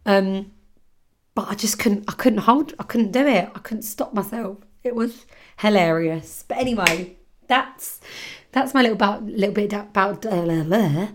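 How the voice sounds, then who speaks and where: A woman's voice: medium pitch, moderate pace. Gal chatting on her podcast, giggly, swears a lot, casual storytelling. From London, England. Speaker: podcast host.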